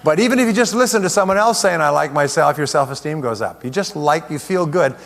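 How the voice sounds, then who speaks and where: In a large hall with long, echoing reverb, a man delivers a motivational seminar talk, joking with the crowd and firing them up. His voice is fairly high-pitched with some vocal fry.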